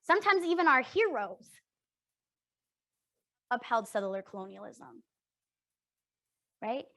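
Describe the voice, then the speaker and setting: امرأة شابة من كندا تقدّم ورشة عمل تفاعلية بصوت مرتفع قليلًا، تتحدث بجدية وحماس وتسأل كثيرًا "صح؟"، والتسجيل جاف بلا صدى تقريبًا. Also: female voice, on the high side, big pitch swings, slow pace, creaky, bright, forceful tone, no room sound. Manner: earnest, emphatic, often checks in with "right?". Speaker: workshop facilitator. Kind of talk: interactive workshop talk.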